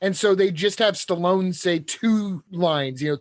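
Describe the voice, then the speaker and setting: A man from California co-hosting a movie podcast, joking wryly with quick quips. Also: a little high, steady tone, no echo, studio quality. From Redlands, California. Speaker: podcast co-host. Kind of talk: casual movie podcast chat.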